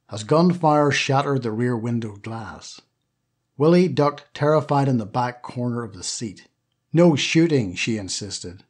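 A male audiobook narrator reads an adventure novel aloud with steady, lively storytelling. His voice is husky and breathy, neither high nor low. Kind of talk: scripted narration.

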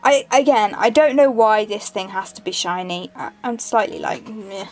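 At medium pitch and normal speed, a young channel host opens card packs and chats casually. She giggles, and she repeats each card's name as she reads it out. Soft music can be heard in the background.

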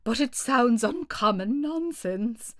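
A woman voicing a slow, mournful male Mock Turtle creature for a storybook read-aloud, drawn-out and half-whispered. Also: fairly high pitch, lively intonation, fairly bright tone, no echo, clean studio sound.

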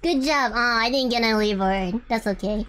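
A woman's voice: fairly high pitch, brisk, a bit bright. A woman gaming on stream, joking around and swearing casually as she plays. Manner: joking, playful, swears a lot. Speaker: gamer streamer.

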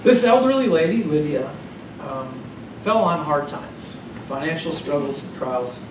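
Animated male pastor preaching, echoey hall. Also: on the high side, unhurried. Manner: animated storytelling. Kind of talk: sermon. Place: church sanctuary. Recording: echoey church hall, distant mic, noisy.

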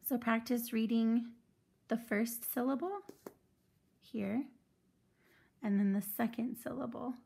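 A woman's voice: on the high side, takes it slowly, vocal fry, long pauses, a little mellow, breathy edge. A woman teaching a phonics lesson to children, patiently sounding out words syllable by syllable.

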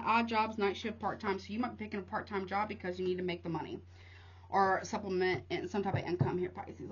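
A woman's voice: medium pitch, slightly rough, lo-fi sound. Chatty woman doing a tarot reading. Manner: chatty, rapid card-by-card rundown, calls listeners honey. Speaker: tarot reader.

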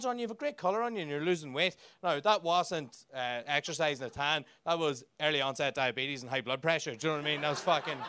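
An Irish man on a comedy club stage, firing off profane stand-up with a raised, high-pitched voice. He talks brashly and teases the audience, close on a handheld mic. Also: bright, forceful tone, no echo. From Ireland. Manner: brash, profane, rapid banter with the crowd.

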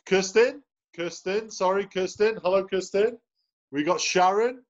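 A man's voice: high voice, unhurried, a little hiss or hum. A man hosting a sales team video call, chatting cheerfully and greeting people one by one. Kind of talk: upbeat motivational team call. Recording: dull lo-fi video call audio.

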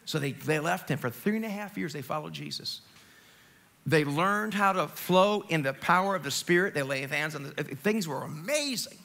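High, bright-voiced man preaching. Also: moderate pace, creaky. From Long Island, New York. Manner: animated and conversational, jokes and asides, swings from loud to hushed. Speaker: pastor. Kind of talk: Easter sermon. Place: church sanctuary, live service.

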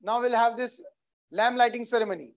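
A man's voice: very high voice, brisk, very noisy. A man with an Indian accent hosting a virtual corporate event, cheering the audience on with energy and repeating rallying phrases. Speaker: event host.

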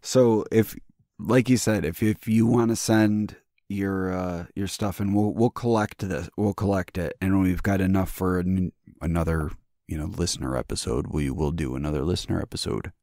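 Deep-voiced joking male podcast host. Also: fairly even intonation, mellow, no echo, studio quality. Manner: joking, profane, halting restarts. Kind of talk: casual chat.

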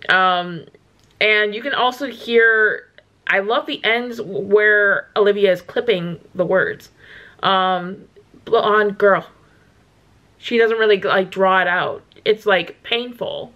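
A woman hosts a casual music reaction video, gushing, exclaiming, and chatting with plenty of "like" and "um." Her voice is medium in pitch and slow-paced, and the sound is lo-fi.

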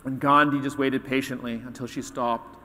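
A man's voice: medium pitch, moderate pace, a little hiss or hum. Man speaking in a reverberant hall. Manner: animated storyteller, acts out quoted voices. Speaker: conference speaker. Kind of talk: keynote talk with storytelling.

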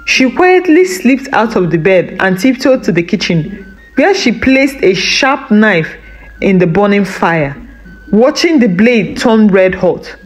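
A woman narrating a folktale in a dramatic, expressive storytelling manner. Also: medium pitch, measured pace, soft background music, low-quality recording.

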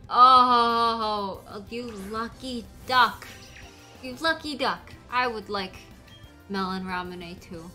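Giggly woman with a bright voice. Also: fairly high pitch, slow pace, soft background music. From United States. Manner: giggly, laughs often, rambling. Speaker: streamer. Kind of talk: casual chat while playing a game.

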